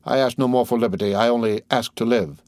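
A man's voice: mid-range voice, quick pace, a little mellow, no echo, clean studio sound, natural voice. A man voicing a starving, desperate male prisoner who pleads and stammers in terror, in an audiobook. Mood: pleading. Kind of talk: audiobook character voice.

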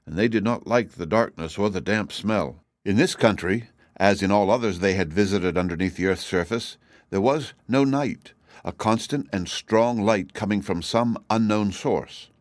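A man with a fairly low voice reads a children's fantasy story aloud at a steady pace. The recording is close and dry, with no room sound. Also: normal speed, no room sound. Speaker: narrator. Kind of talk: scripted narration.

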